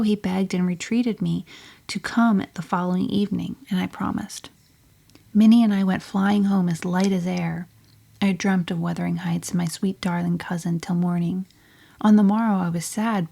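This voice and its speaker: A woman voicing a spirited, headstrong teenage girl telling her story in an audiobook, often sinking to a breathy near-whisper. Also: medium pitch, warm tone. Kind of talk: audiobook reading.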